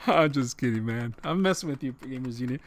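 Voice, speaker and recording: Streaming live from his home, in a room with a dog, a man jokes with chat and keeps adding "man" to his sentences. His mid-range voice has lively intonation and a slightly fast pace, picked up by a desk condenser mic with a pop filter.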